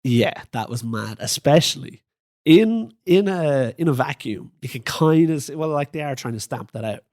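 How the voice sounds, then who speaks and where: A man co-hosting a casual football podcast, laughing often and going up in pitch when he gets indignant. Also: lively intonation, moderate pace, a little mellow. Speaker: podcast co-host.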